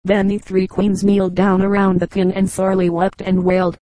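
A woman reading an old tale aloud as an audiobook narrator, measured and steady. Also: medium pitch, no room sound, poor audio. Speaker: audiobook reader. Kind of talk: storybook narration.

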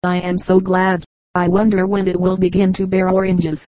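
Sweet little girl, hopeful and soft, a woman reading her, low mellow voice, flat. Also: moderate pace, no room sound, natural voice. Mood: joyful. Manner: pleading, soft-spoken.

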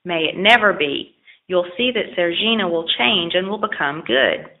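A woman voicing a kindly, trusting old fisherman who calls out loudly to his animals and speaks gently to them, in a storybook reading. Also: fairly low pitch, animated, normal speed. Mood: calling, gentle. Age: older. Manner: calling out, gentle and patient. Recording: tinny phone-like lo-fi recording.

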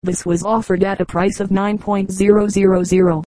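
A woman's voice: mid-range voice, normal speed, no room sound, poor audio. A woman narrating an audiobook of short humorous anecdotes, reading evenly and lightly voicing the quoted lines. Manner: even storytelling read, voicing quoted lines.

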